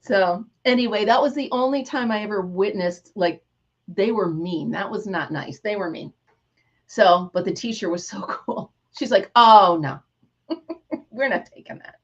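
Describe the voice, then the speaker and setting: Animated woman host, lo-fi stream audio. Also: mid-range voice, moderate pace. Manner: animated storyteller, reads out viewer names. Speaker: livestream host. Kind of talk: casual livestream chat.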